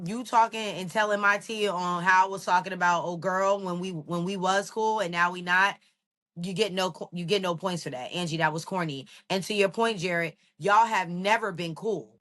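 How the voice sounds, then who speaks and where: A woman's voice: on the low side, normal speed. Emphatic woman podcast co-host. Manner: animated, emphatic, talks straight to people. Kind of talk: casual recap chat.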